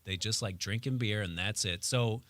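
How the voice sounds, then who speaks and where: A man's voice: on the low side, moderate pace, a bit bright, no echo. Wry, joking man reviewing a film. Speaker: film reviewer and show producer. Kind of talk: casual radio show movie review. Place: radio studio.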